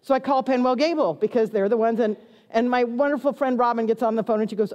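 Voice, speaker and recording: A middle-aged woman pastor, telling a lively, self-mocking story as part of a sermon. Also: on the high side, fast, highs cut off. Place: church sanctuary. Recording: long hall reverb.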